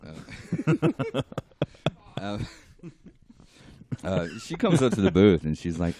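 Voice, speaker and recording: A man's voice: deep voice, slow pace, long pauses. A man, a guest artist, telling a story in casual podcast chat, laughing and acting out what others said. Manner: animated, laughing, acts out quotes.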